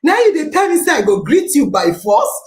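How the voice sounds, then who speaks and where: A woman's voice: high voice, wildly swooping pitch, a little fast. A Nigerian woman hosting a podcast, telling a story with lots of laughter and exclamations, mixing pidgin into her English as she reads out and answers her listeners' comments. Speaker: podcast host. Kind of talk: animated storytelling and live chat. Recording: roomy echo.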